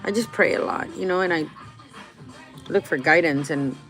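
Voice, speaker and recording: A woman's voice: on the low side, moderate pace, fairly bright tone, faint music behind, poor audio. A middle-aged woman talking candidly and emotionally to her viewers, answering their questions in a rambling way. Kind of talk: casual heartfelt talk to viewers.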